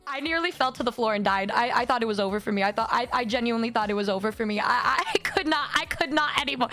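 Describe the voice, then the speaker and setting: A woman streamer telling a comic story in an animated, dramatic way, with sudden leaps in pitch. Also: fast, faint music behind. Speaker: VTuber streamer.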